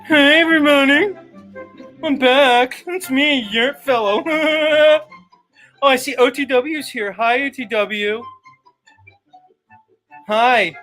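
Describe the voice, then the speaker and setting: Whiny, giggly parody of a needy male streamer, pitched up high, as a man puts him on. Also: slow, pauses often, pushed and bright, soft background music, full character voice, rough recording. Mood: mocking.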